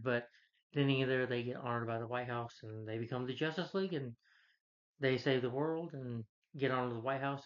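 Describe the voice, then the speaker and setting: Rambling man reviewing a movie. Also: medium pitch. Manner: rambling, loose, with many fillers and restarts. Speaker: film reviewer. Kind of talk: casual spoken movie review. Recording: dull lo-fi recording.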